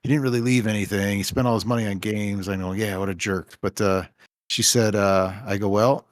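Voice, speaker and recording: A man's voice: lowish voice, steady tone, a little fast, no room sound, clean studio sound. A man who owns a game store, telling rambling anecdotes on a casual podcast and acting out the dialogue.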